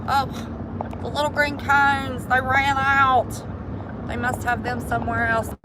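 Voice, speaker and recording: Slow-talking West Virginian woman. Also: sits high, little pitch movement, noisy background. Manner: chatty, folksy, addresses viewers as y'all. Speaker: vlogger. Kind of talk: casual livestream commentary. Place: inside a car driving mountain roads. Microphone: handheld phone while driving.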